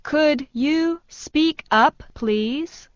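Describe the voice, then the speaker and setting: Very slow woman reading English phrases. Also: high-pitched, no room sound. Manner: slow, even repetition of each phrase. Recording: dull dry studio sound.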